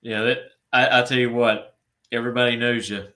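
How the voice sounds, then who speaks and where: A man with a drawl hosts a relaxed interview, chatting in an easygoing, folksy way. His voice has a bright, forward edge at a mid-range pitch. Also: brisk. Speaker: interview host. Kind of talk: casual interview chat.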